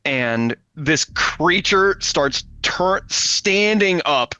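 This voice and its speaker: A man narrating as game master of a tabletop game, setting scenes in a halting, descriptive way. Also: fairly high pitch, animated, dull audio, over a noisy crowd.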